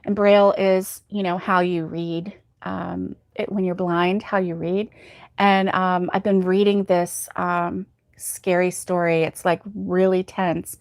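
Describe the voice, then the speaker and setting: A woman's voice: fairly low pitch, level tone, takes it slowly, no echo, studio quality. A woman hosting a casual crochet livestream, telling corny jokes, laughing at her own puns and reading out viewer comments.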